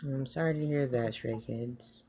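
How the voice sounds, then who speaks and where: A man joins a casual chat as co-host, talking in an earnest, offhand way. His voice sits at an ordinary middle pitch. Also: measured pace, mellow, breathy edge.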